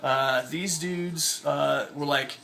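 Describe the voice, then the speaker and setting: A man's voice: on the high side, steady tone, takes it slowly, creaky, pushed and bright, soft background music. A young man telling an angry personal story in a vlog, swearing a lot and acting out the people he quotes. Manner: profane, ranting, acts out quoted voices. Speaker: vlogger.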